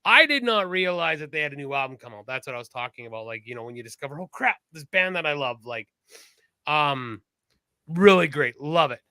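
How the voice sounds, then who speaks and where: A man co-hosting a podcast talks in a relaxed, rambling way, stopping to correct himself as he shares music he loves. His voice sits a little high and sounds bright and sharp. The recording is dry and close, with no room sound. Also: brisk, clean tone, no echo. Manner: rambling, self-correcting, enthusiastic about music. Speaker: podcast co-host. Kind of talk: casual chat.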